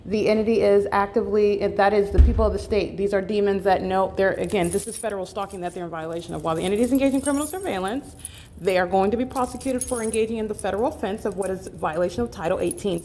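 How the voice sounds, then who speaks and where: A woman's voice: mid-range voice, a little mellow, a little hiss or hum. A woman filming outdoors near an apartment building, talking in an insistent, repetitive, accusatory monologue full of fillers. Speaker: vlogger.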